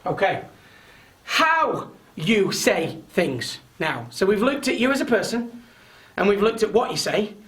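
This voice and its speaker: A man leading an online training webinar, loud and chatty, often checking in with tag questions. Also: high-pitched, very animated, measured pace. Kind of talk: live online training talk.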